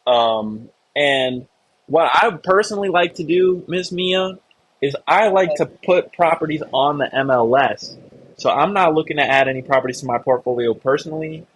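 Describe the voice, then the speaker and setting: A man's voice: fairly high pitch, normal speed, slight background noise, low-quality recording. A man hosting a live online real estate meeting, coaching a member and encouraging the audience. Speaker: host of a real estate investor community call.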